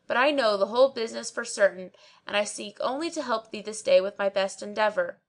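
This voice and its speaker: A woman's voice: mid-range voice, brisk, lightly acted. A woman reading aloud voices a meddling, insistent old male barber from a storybook tale. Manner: insistent and scolding.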